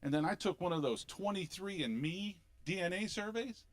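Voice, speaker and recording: Middle-aged philly guy doing standup, kinda high voice, punchy and animated. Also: moderate pace, hardly any pauses. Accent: Philadelphia. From Philadelphia. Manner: animated, punchy delivery with sudden loud bursts. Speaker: stand-up comedian. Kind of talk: stand-up comedy set. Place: comedy club stage.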